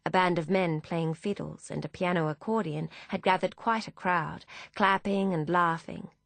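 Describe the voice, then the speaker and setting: A woman narrating a novel as an audiobook, in a measured, descriptive storytelling manner. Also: fairly low pitch, fairly even intonation, vocal fry, fairly bright tone, no echo.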